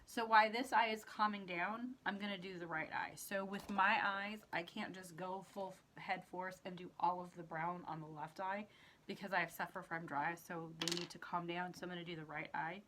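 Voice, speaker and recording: A woman's voice: fairly low pitch, fairly bright tone, slight background noise. A woman hosting a makeup tutorial, talking casually through each step as she works, with her eyes watering. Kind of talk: casual how-to demonstration.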